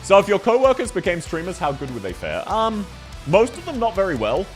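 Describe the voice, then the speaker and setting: A man's voice: high-pitched, huge pitch swings, a little fast, faint music behind. A man with an Australian accent, chatting casually with viewers on a live stream, rambling and laughing at himself. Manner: rambling, self-mocking, laughs often.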